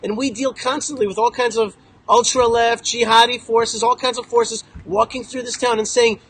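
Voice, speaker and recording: A man's voice: very high-pitched, steady tone, fairly quick, a bit bright, slightly rough, rough recording. A man speaking outdoors to a visiting group, telling stories with emphatic, joking, punchy repetition. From Israel. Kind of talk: animated storytelling talk to a group. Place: outdoors in a town.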